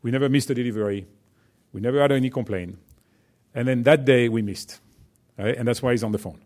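This is a company executive with a French accent giving a chatty business talk to students, packed with fillers and "right?" check-ins. His mid-range voice is a little mellow and moves fairly quickly.

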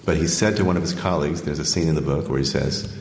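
A man, an author, reading from his book and then taking questions, measured when reading and full of fillers when answering. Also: extremely low pitch, a little mellow. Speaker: author giving a talk. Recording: echoey hall, long reverb.

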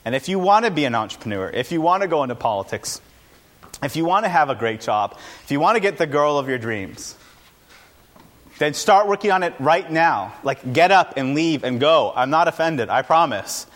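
Energetic man giving a live talk. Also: on the high side, normal speed. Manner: energetic, punchy, self-deprecating asides. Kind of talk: informal live presentation. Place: in front of a live audience.

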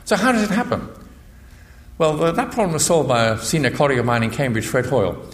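Older man giving an echoey talk. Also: on the high side. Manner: measured, explanatory, with frequent restarts. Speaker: guest speaker, physicist and priest. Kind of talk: public lecture. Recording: echoey lecture hall.

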